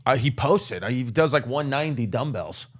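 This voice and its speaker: A man hosting a casual chat, joking and rambling with quick asides, recorded in a green room. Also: medium pitch, animated. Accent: New York. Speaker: podcast host.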